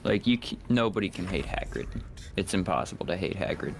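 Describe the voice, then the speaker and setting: A man's voice: low-pitched, big pitch swings, fairly quick, creaky, slight background noise. A man in casual chat, matter-of-fact, dryly correcting details.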